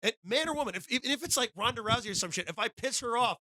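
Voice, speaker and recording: A man hosting a podcast, talking in casual, animated chat with lots of swearing and mock impressions. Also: very high voice, rapid-fire, no room sound. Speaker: podcast host.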